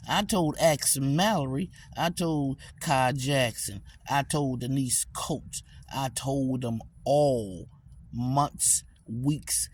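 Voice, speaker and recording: A man's voice: medium pitch, a little mellow, a little hiss or hum. A man ranting in a rambling, repetitive, profane way as a TikTok vlogger, recorded on a phone. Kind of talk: rambling profane rant to camera.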